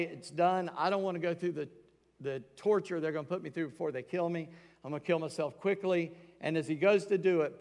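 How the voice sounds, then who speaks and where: A man gives a sermon in a relaxed, talky way, breaking into quoted voices as he retells the story. His voice is a little high and has a gravelly edge. A long reverb of a large hall hangs on every phrase. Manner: conversational preaching, acting out quoted voices. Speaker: pastor.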